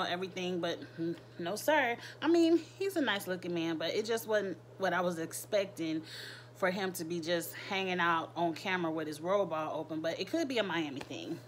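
A woman's voice: lowish voice, animated, normal speed, a little hiss or hum. Gossipy woman recapping reality TV. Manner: candid, gossipy, laughing asides, crude slang. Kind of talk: casual recap commentary.

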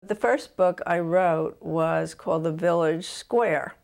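An older woman author from New Jersey, telling stories about her books in a relaxed interview at home. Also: lowish voice, slow, gravelly. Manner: animated anecdotes, voices quotes of her son.

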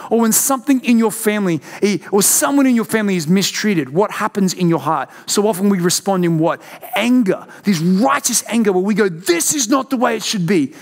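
A young pastor preaches to his church in a high, bright-toned voice. He pushes up into loud outbursts, then drops to quiet, searching questions. It is a passionate, heartfelt sermon. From Australia.

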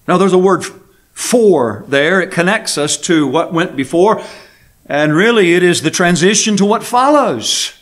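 Slow, high-voiced preaching man. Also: expressive. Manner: slow, deliberate preaching with emphatic pauses on key words. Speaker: pastor. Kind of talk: sermon. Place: church sanctuary.

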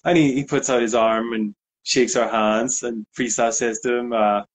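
A man's voice: medium pitch, moderate pace, a little hiss or hum. A man in a casual interview, telling a story with lots of fillers and acted-out quotes. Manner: animated anecdote, acts out quotes. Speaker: guest DJ.

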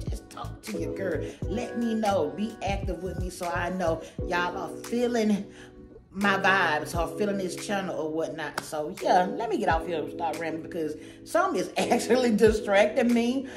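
A woman's voice: lowish voice, lively intonation, moderate pace, reverberant, music in the background. A woman hosting her own channel, chatting casually and goofily to camera about a shopping haul, rambling with lots of slang. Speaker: channel host.

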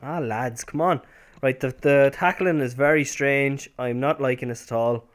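A young man talks loosely through a football video game as he plays, wandering off on tangents with plenty of fillers and restarts. He breaks into sudden excited shouts when a shot goes in. His pitch sits in an ordinary middle range for a man. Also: moderate pace. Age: young adult. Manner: rambling, with sudden excited outbursts. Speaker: gameplay commentator. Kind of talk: casual gameplay commentary.

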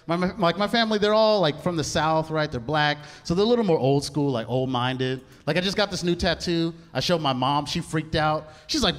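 A young man performing a stand-up comedy set, telling stories in an animated way with laughing asides. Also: a little high, a little fast, few pauses. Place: large comedy venue with live audience. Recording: live hall reverb with audience noise.

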